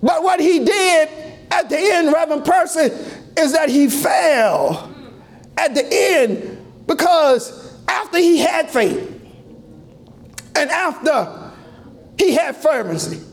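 A man preaching a fervent sermon in a church, shouting and chanting with rising cries. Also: extremely high pitch.

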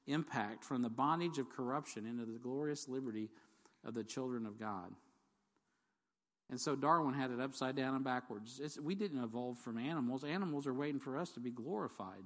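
A man's voice: medium pitch, fairly bright tone. A man preaching a sermon in a conversational, jokey way, asking the congregation questions and reading scripture aloud. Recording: long hall reverb.

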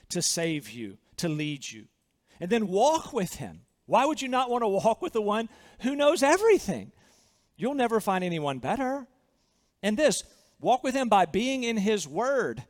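A Southern man delivers a sermon with a high, ringing voice. He preaches earnestly and with emphasis, doubling back on his phrases, and his words trail off into the long reverb of a big church hall. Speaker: pastor.

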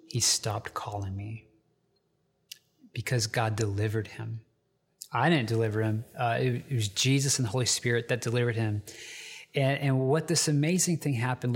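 A man's voice: medium pitch, long reverb tail. A man giving an informal sermon from home, telling a personal story in a conversational way with fillers and restarts. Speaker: pastor.

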